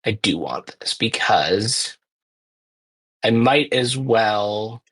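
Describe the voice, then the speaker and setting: Bright husky man thinking aloud. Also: on the low side, lively intonation, drawn-out words. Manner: chatty, thinks aloud, self-correcting. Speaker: speedrunner playing live. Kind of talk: casual commentary while playing.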